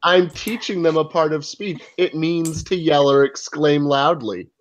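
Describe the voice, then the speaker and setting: A man joking crudely and deadpan in a casual chat, laughing often. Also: on the high side, measured pace. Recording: dull lo-fi audio.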